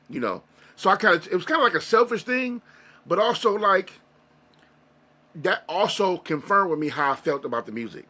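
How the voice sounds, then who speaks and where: Casting: male interview guest, higher pitch, forceful bright tone, earnest and rambling. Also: expressive, normal speed. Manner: earnest, rambling, emotional storytelling with many restarts. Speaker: interview guest, music reaction creator. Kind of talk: casual interview conversation.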